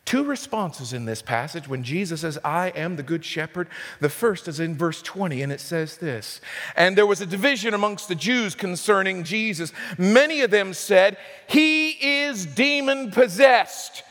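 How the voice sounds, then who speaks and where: A man's voice: expressive, normal speed. Man preaching in a reverberant hall. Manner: impassioned preaching with big swings in pitch and loudness. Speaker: pastor. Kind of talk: sermon.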